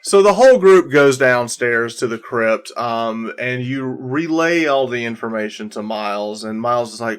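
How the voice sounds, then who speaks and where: A man's voice: medium pitch, normal speed, few pauses, clear, resonant tone. Man running a tabletop game. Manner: relaxed, many fillers. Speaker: game master.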